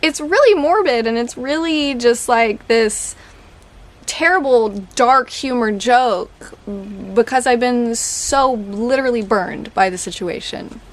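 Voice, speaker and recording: A woman, talking candidly as a podcast host, chatty and laughing through dark jokes. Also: fairly high pitch, takes it slowly. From Oklahoma. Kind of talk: casual personal talk.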